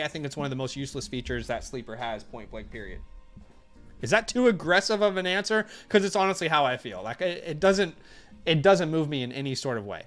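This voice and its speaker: A man co-hosting a casual live stream, relaxed and opinionated, laughing easily. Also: fairly high pitch, brisk, faint music behind. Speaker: co-host of a fantasy football stream.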